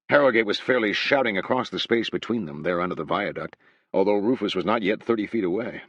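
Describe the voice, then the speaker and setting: Low-voiced male audiobook narrator. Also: lively intonation, quick pace, fairly bright tone, breathy edge, no room sound, lo-fi sound.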